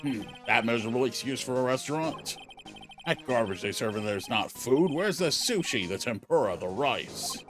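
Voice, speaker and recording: A gruff, scolding old grandpa, as a man puts him on for a game read-along, grumbling at the young with scorn. The voice sits at a middle pitch but swings widely as he complains. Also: animated, moderate pace, fairly bright tone, soft background music, natural voice. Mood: scornful.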